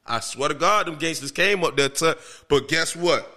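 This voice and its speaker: Man, podcast host, high voice, very sharp and bright, animated storytelling. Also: normal speed. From Miami, Florida. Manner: animated, profane, emphatic storyteller. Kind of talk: casual storytelling chat.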